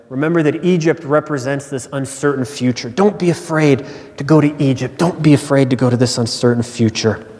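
A man's voice: medium pitch, a little mellow. A male pastor preaching a sermon in earnest, stressing key phrases by repeating them. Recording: long hall reverb.

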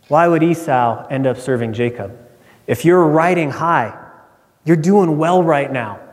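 Earnest preacher in a reverberant hall. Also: male voice, a little high, darkish tone. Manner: earnest, emphatic, often repeats key lines. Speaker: pastor. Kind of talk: sermon.

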